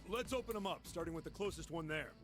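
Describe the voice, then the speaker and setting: A man voicing a big, strong, gruff older man who talks bluntly and teases roughly, in a fan reading of a game. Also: on the high side, fast talker, over music, natural voice.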